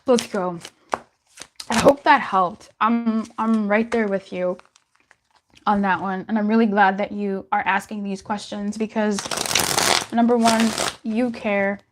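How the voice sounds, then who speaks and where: A woman's voice: mid-range voice, steady tone, unhurried, background noise. A young adult woman giving a casual live-stream tarot reading, chatty and laughing often, with frequent swearing. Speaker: tarot reader.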